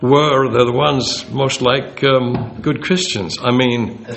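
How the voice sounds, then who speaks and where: A man giving an informal Bible talk, conversational and animated, acting out the quoted speech. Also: mid-range voice, takes it slowly, creaky, a little hiss or hum. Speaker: Bible teacher.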